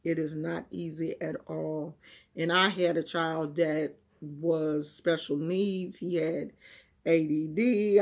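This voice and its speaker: A woman vlogger talking casually to the camera in an emphatic rant, dropping to low murmurs and then rising to loud, high outbursts.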